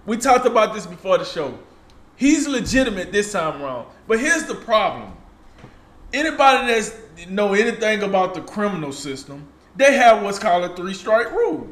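A man co-hosting a sports talk show, animated, emphatic and colloquial in casual chat. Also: sits high, reverberant.

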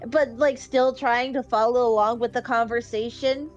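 A woman with a high voice describes her character's actions at a tabletop game, pausing often and filling gaps with 'um' and 'like'. The audio is slightly muffled, with faint music in the background. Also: fairly even intonation. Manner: halting, many fillers. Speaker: player.

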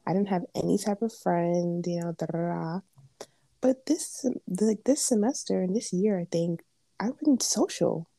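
A young woman co-hosting a podcast, chatting casually with playful quick asides. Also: fairly low pitch, creaky, warm tone, dry recording. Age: young adult. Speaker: podcast co-host. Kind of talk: casual chat.

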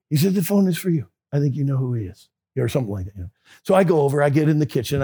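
A man with a high, husky voice tells a story in a sermon, acting out the conversations. His pitch swings widely and there is a gravelly edge to his voice. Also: moderate pace. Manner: animated, acts out both sides of conversations. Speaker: preacher.

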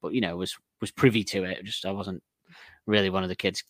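A lower-pitched man co-hosting a casual music podcast, talking in long rambling stretches with frequent laughs. He comes across as self-deprecating. The sound is close and dry. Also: fairly even intonation, fairly quick, a bit bright, no room sound. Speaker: podcast co-host.

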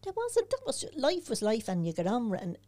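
A woman's voice: on the high side, wildly swooping pitch, a little fast, warm tone. An older Dublin woman, a podcast guest, speaking frankly and telling her stories with animation. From Ireland. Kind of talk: casual podcast conversation.

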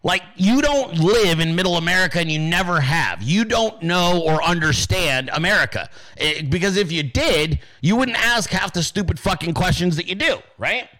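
A man's voice: sits high, lively intonation, normal speed, few pauses, pushed and bright, poor audio. A man hosting a podcast, ranting profanely in casual political commentary and calling his listeners dude and guys. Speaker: podcast host.

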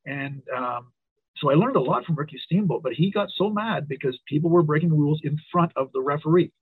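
Give me a middle-aged man, a referee, storytelling over a phone-like line, husky and dry. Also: a little high, a little fast, no room sound. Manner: storytelling, animated quoting. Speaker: wrestling referee, guest. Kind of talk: casual interview chat.

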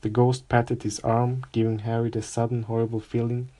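A man calmly narrating a storybook aloud, with an even reading pace and small slips. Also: mid-range voice, moderate pace. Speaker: audiobook reader.

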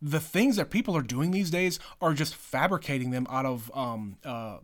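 A man co-hosting a podcast in relaxed casual chat, laid-back and sometimes swearing. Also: medium pitch, moderate pace. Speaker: podcast co-host.

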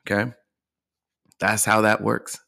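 Slow and level, his fairly low voice comes across gravelly, pushed, and bright. The man, a life and fitness coach, hosts a motivational podcast where he earnestly encourages and often checks in with the listener.

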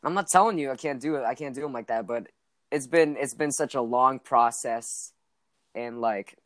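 A man's voice: medium pitch, moderate pace, fairly bright tone, dry recording, studio quality. A teenage boy chatting casually on a podcast, joking crudely and rambling with lots of restarts. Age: teens. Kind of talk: casual chat.

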